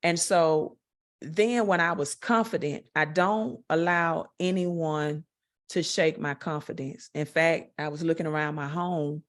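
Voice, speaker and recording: A woman's voice: sits low, fairly even intonation. Southern woman, direct and confident. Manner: direct, confident, slow-paced with fillers. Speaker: guest, network marketer. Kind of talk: interview answers.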